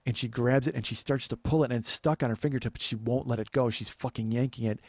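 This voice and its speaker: Brief: gravelly comedian, rambling storyteller, dry close sound. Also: male voice, mid-range voice, steady tone, fast, a little mellow, dry recording. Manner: rambling, conversational, many fillers. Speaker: comedian podcast host. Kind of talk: storytelling monologue.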